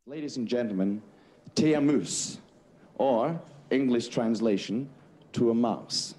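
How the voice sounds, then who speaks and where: A man's voice: medium pitch, slow, mellow, poor audio. A man playing the straight man in a variety sketch, reciting a poem with mock seriousness and getting exasperated. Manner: exasperated, theatrical.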